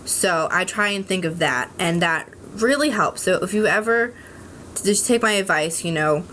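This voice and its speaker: Rambling young woman, low voice. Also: expressive, normal speed, fairly bright tone, a little hiss or hum. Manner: rambling, frequent ums and restarts, frank swearing. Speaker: vlogger. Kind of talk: candid casual talk to camera. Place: at home.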